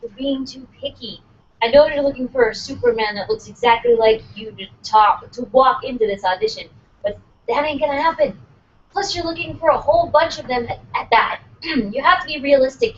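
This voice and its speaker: A woman's voice: high voice, a little fast, close to an everyday voice. An actress at a table read playing a blunt, straight-talking woman on an audition panel. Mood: exasperated. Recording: distant lo-fi recording with noise.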